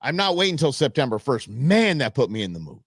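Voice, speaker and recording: A man hosting a live stream, telling a story in a chatty, expressive way. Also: mid-range voice, a little fast, no room sound, studio quality. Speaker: livestream show host. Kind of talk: casual livestream chat.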